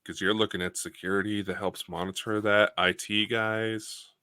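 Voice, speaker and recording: Deep, bright-toned man co-hosting chat. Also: flat delivery, moderate pace, clean tone, no echo. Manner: easygoing, conversational, plugs friends' channels. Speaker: podcast co-host. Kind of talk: casual chat.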